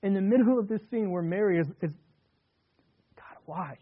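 A pastor preaches an earnest sermon at a quick pace in a slightly high voice, leaning hard on key words before dropping into hushed, quiet tones, with repetitive restarts along the way. The audio is thin and tinny, like a radio broadcast over a phone line.

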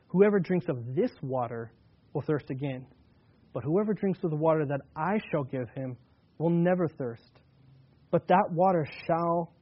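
A male pastor preaching a sermon in a relaxed, conversational way, slowing down to read scripture aloud with emphasis. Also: a little high, slightly rough, lo-fi sound.

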